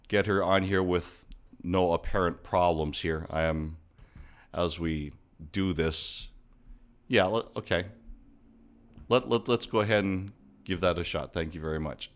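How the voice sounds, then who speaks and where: A man from Hawaii hosting a livestream interview show, talking in a halting, stammering way. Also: low-pitched, a bit bright, smooth.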